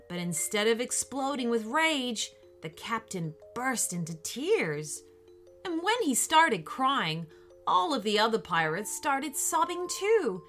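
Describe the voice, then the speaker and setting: Woman storyteller, bright lively tone, unhurried, soft music under. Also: on the high side. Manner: expressive, animated reading. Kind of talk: children's story narration.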